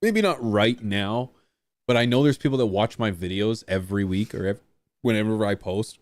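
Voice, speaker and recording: Man, low voice, dry recording, casual stream chat, rambling, self-deprecating. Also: a little fast, no room sound. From small rural town.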